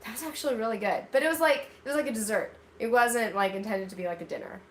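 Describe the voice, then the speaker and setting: A woman with a slightly high voice talks fast as she chats to live viewers of her casual cooking vlog. Working in her home kitchen, she rambles and fills her speech with "like," recorded through a distant mic in a roomy room with audible background noise.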